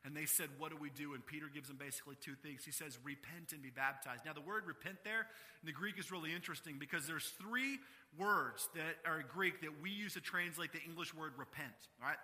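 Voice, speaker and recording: A pastor preaches briskly and emphatically to his congregation, rising to loud, stressed phrases before dropping low and quiet. Long hall reverb surrounds his voice.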